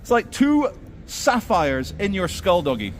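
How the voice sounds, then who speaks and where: Man, sardonic walking vlog, slightly high voice, outdoors in a city, faint street noise behind. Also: wildly swooping pitch, unhurried. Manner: sardonic ranting. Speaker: vlogger.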